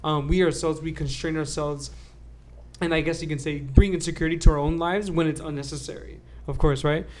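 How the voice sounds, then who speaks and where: A man's voice: fairly high pitch, fairly even intonation, brisk, darkish tone. A young man co-hosting a faith podcast, talking earnestly and often tagging "right?" onto his points. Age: young adult. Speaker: podcast co-host. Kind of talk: casual faith discussion.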